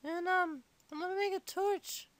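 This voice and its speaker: A performer voicing a squeaky little kid gamer who chatters and complains while playing. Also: steady tone, moderate pace, a bit bright, no room sound. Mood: chatty. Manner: chatty, complains to itself, mumbles while sorting items. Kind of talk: game playthrough commentary in character.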